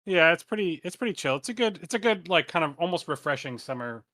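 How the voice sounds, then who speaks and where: A man with a bright, fairly high voice chats on a podcast. He is relaxed and upbeat and pauses often with fillers. The sound is dry. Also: dry recording. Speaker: podcast co-host. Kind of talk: casual chat.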